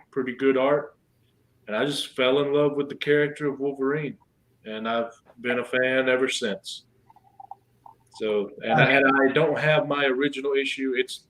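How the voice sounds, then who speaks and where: A man's voice: medium pitch, a bit bright, rough recording. A man guest on an online panel, telling a story in a plain, matter-of-fact way. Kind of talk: casual anecdote.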